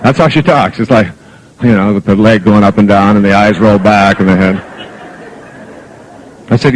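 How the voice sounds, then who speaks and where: A man's voice: lowish voice, brisk, long pauses, low-quality recording. Middle-aged man telling funny stories. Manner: humorous anecdotal storytelling. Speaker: motivational speaker. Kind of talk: live lecture to an audience.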